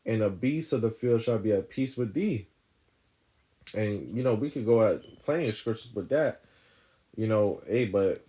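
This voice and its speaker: This scripture teacher's voice sits on the low side and has a warm tone. Reading verses aloud in an informal Bible lesson, he explains them emphatically and often ends his points with "right?".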